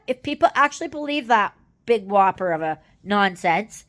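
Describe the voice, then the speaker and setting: A woman's voice: mid-range voice, lively intonation, moderate pace, a bit bright. A woman from Canada giving casual political commentary, exasperated and rambling, with many fillers and tag questions.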